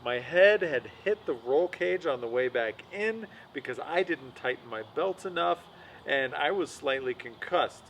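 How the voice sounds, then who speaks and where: A man's voice: on the high side, expressive, a little slow, a bit bright, slight background noise, poor audio. A young man telling a story in a casual, self-deprecating voice-over as host of his own vlog. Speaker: vlogger, host of the show.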